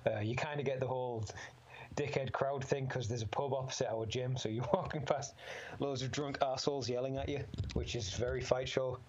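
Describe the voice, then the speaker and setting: An amateur MMA fighter, a guest in a casual chat, talks about fighting in a medium-pitched, steady, darkish voice at a brisk pace. He rambles, swears freely, and laughs often, and the slightly dull lo-fi recording carries a bit of hiss or hum.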